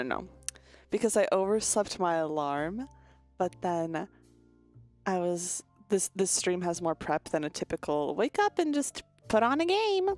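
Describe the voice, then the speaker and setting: A woman streamer chatting casually with her viewers, with a deadpan delivery. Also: lowish voice. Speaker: VTuber streamer. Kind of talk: casual chat.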